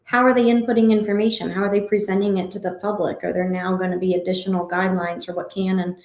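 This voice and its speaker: A woman's voice: mid-range voice, flat delivery, quick pace, a little mellow, echoey room, poor audio. A woman in casual livestream chat, speaking thoughtfully and asking open questions.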